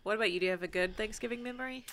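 A woman's voice: mid-range voice, very fast, fairly bright tone, a little hiss or hum. A woman hosting a casual interview chat, asking easygoing follow-up questions. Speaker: podcast host.

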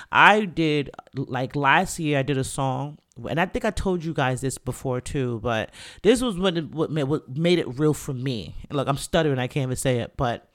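A man talks loosely on his own podcast, circling back and filling pauses as he goes. His voice sits a little high for a man, and the delivery is animated and rambling. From the Bronx, New York. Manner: animated, rambling, many fillers. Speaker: podcast host and rapper. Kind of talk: casual opinion talk.

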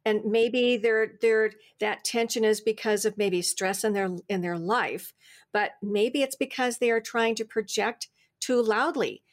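A woman's voice: fairly high pitch, unhurried. A woman podcast host asking a guest questions, thinking aloud as she phrases them. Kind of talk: interview questions.

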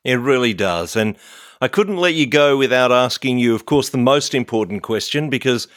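A man hosting an interview, asking his guest long, thoughtful questions in a measured way. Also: mid-range voice, lively intonation, no room sound, studio quality. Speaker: interviewer, host.

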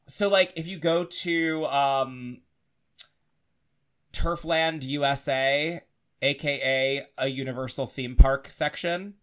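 A man co-hosting a podcast in casual, chatty talk, emphatic and quick to swear. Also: fairly high pitch. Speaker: podcast co-host. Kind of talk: casual chat.

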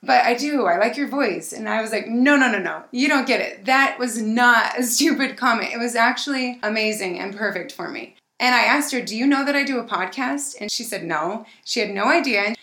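A woman podcast host telling a personal story in an animated, excited way. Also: a little high, fairly quick, hardly any pauses, roomy sound. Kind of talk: casual storytelling chat.

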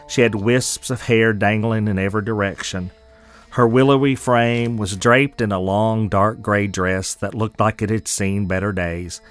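A man narrating a fantasy audio story in a measured, descriptive way. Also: lowish voice, fairly bright tone. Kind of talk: scripted narration.

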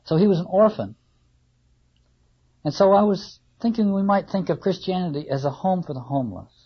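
A man gives a reflective lecture in a husky, breathy voice. He muses aloud with halting restarts and rhetorical questions. The recording is slightly muffled and lo-fi. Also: high voice.

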